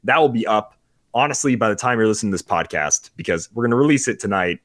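A man's voice: fairly low pitch, expressive, fast talker, fairly bright tone, no echo, studio quality. A man co-hosting a casual podcast, playful and teasing. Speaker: podcast co-host.

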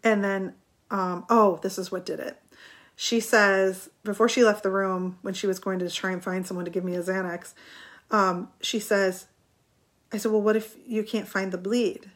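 A middle-aged woman talking to her viewers, recounting a personal story in an animated, chatty way and laughing now and then. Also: mid-range voice, normal speed. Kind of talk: casual storytelling.

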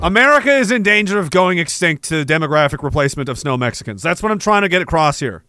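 A man performing a stand-up comedy bit in a mock-alarmist, animated manner with shouted bursts. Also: fairly high pitch, fast talker, no room sound, soft background music.

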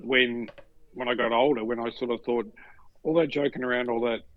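A middle-aged Australian man telling stories in a relaxed chat, acting out the voices of the people in them. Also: mid-range voice, brisk, narrow, tinny audio. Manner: animated, acts out other voices in stories. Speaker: podcast guest. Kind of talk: casual storytelling.

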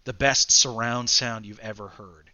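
Dude gm narrating a tabletop game, slow and bright, kinda dull lo-fi audio. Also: male voice, medium pitch, steady tone. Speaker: game master.

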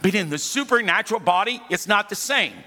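Male pastor, high and bright, mid-sermon with call-and-response, reverberant sanctuary, faint band underneath. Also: expressive, fairly quick. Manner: calls for congregation responses, storytelling, humorous asides. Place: church sanctuary. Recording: hall reverb with faint music.

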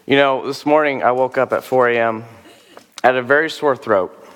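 A man preaching as a pastor, talking in a loose, conversational way with rhetorical questions and fillers, his voice rough from a sore throat. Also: medium pitch, moderate pace, a bit bright, long reverb tail. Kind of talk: sermon with altar call. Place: church service.

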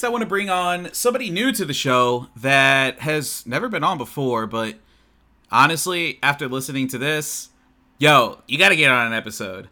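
A man's voice: mid-range voice, pushed and bright. A man hosting a show, introducing the next performers eagerly and emphatically. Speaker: show host.

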